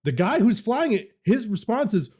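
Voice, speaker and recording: A man's voice: high voice, sing-song, normal speed, a little mellow, breathy edge. A young adult man on a podcast, telling a story in a casual way and swearing freely. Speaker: podcast co-host.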